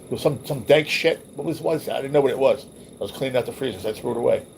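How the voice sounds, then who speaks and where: A man's voice: medium pitch, very fast, creaky, a little mellow, a little hiss or hum. A man hosting a livestream, reminiscing casually over old photos in a loose, rambling, profane way. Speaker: livestream host.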